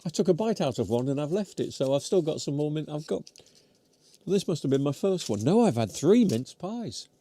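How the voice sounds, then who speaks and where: A man's voice: fairly high pitch, big pitch swings, normal speed, warm tone. A British man hosting a live stream, chatting casually while chewing, rambling and poking fun at himself, his voice getting worn. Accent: British English. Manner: rambling, chatty, self-deprecating. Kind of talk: casual live chat reading comments. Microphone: close mic near mouth.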